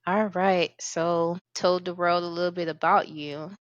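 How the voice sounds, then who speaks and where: A woman hosting a podcast in casual chat, playful and bubbly, with sudden high-pitched emphasis. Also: fairly even intonation, unhurried, no echo, lo-fi sound. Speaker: podcast host.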